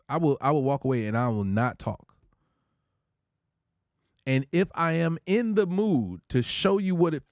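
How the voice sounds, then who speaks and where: A livestream host with a medium-pitched voice gives relationship advice in a laid-back, conversational but preachy manner, reading out viewer comments and shouting out chatters by name. The audio is studio quality with no echo.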